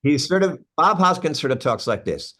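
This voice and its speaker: With a fairly high pitch and a moderate pace, this man in his sixties, an actor, is a guest in a casual interview. He tells stories animatedly, restarting lines and slipping in asides.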